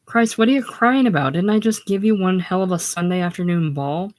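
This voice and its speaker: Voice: medium pitch, a little fast, no room sound, close to an everyday voice. A reader voicing a blunt, streetwise young male hustler with coarse, slangy talk in a casual play reading. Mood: callous.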